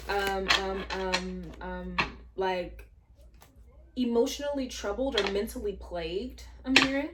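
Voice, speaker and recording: A woman's voice: medium pitch, very noisy. A woman chatting her way through a tarot reading, thinking aloud with many fillers and asides. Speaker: tarot reader. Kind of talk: casual spiritual tarot reading.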